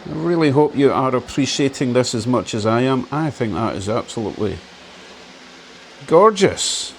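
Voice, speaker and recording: A man with a middle-pitched voice talks casually and enthusiastically over his home model railway, with a faint hum of room noise underneath. He narrates as he goes and pokes fun at himself in an easy, chatty way. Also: lively intonation, moderate pace, gravelly. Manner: chatty, enthusiastic, lightly self-mocking. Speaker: model railway hobbyist channel host. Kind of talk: casual commentary while running a model train.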